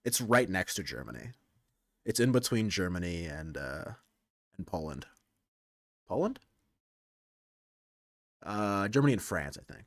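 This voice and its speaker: Rambling young man streaming, low voice. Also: big pitch swings, unhurried, pauses often, a bit bright, dry recording, clean studio sound. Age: young adult. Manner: rambling, self-interrupting, crude. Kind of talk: casual stream chat.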